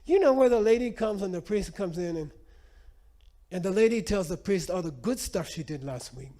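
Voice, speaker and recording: A man's voice: sits high, normal speed. A man voicing an old Tibetan lama who is delighted and full of curious questions. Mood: excited. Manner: wide-eyed, excited questions.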